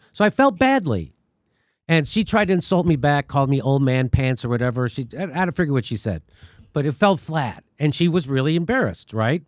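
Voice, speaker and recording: A man's voice: fairly high pitch, no echo, clean studio sound. A man hosting a commentary show, telling a story in a sarcastic, indignant way. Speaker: host. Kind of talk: casual commentary.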